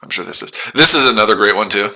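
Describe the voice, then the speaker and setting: A man's voice: lowish voice, lively intonation, fast, vocal fry, pushed and bright. A man hosting a casual trading livestream, talking to his chat in a mocking, repetitive way. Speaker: trading streamer.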